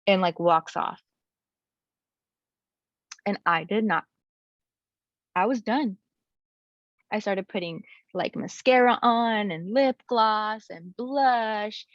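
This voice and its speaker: A young adult woman telling a personal story as a guest, in a candid and animated way with many casual fillers. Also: mid-range voice, no room sound. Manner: animated, frequent "like" and "you know" fillers. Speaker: guest sharing her story. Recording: slightly muffled, dry recording.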